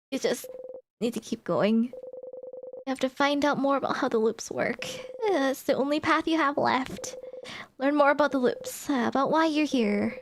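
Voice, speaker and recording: A woman's voice: a little high, slight background noise. A woman streamer reading game text aloud and reacting expressively, exclaiming and laughing between passages.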